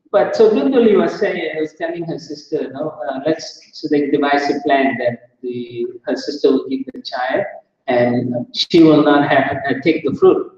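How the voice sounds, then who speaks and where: A man's voice: on the high side, darkish tone. A man telling a scripture story in a sermon, chatty and laughing at his own asides. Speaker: temple speaker. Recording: echoey temple hall, distant dull mic.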